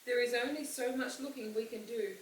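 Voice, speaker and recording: A woman voicing a gentle, sad father who is a preacher, speaking softly and tenderly. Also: fairly high pitch, steady tone, a little fast, lightly acted. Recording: roomy, distant mic, faint hiss.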